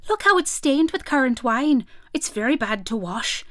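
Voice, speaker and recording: A woman's voice: sits high, expressive, normal speed, fairly bright tone, no room sound, studio quality. A woman voicing an anxious, stout little hedgehog washerwoman who speaks in a humble, fussy, polite country way, read aloud from a storybook.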